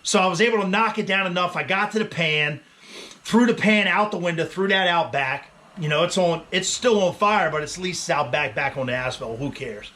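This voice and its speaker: A man in his forties chats through a casual vlog story, laid-back and quick to laugh. His voice sits high for a man and sounds bright and forward. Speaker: vlogger, firefighter.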